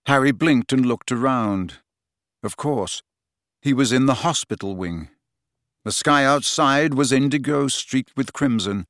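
A man narrating an audiobook with steady, expressive storytelling. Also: mid-range voice, measured pace, no room sound, studio quality. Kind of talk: scripted narration.

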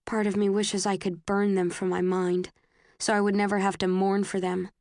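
A woman reading a novel aloud in the first person, earnest and emotional, voicing the heroine's outbursts with sharp rises. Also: mid-range voice, level tone, normal speed, dry recording, clean studio sound. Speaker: audiobook narrator.

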